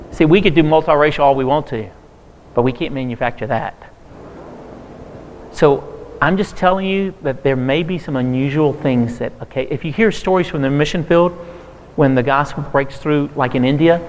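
A man's voice: mid-range voice, slight background noise. A male pastor, telling stories in a sermon and acting out the voices he quotes with a touch of humor. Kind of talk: sermon-style talk to a church audience. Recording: long reverb of a large hall.

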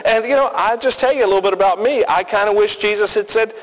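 A man preaching a sermon as pastor, emphatic and deliberate with folksy asides, recorded in a reverberant hall. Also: high voice, a bit bright.

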